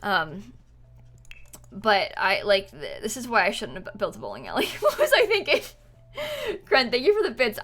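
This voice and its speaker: A woman's voice: mid-range voice, bright, forceful tone. A woman game streamer chatting casually with her viewers while she plays, chatty, giggly and self-deprecating. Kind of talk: casual livestream chat while playing.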